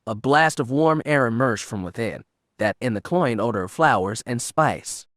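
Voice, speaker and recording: A man reading an audiobook narration in an even, measured way. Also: mid-range voice, no room sound, clean studio sound. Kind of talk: scripted narration.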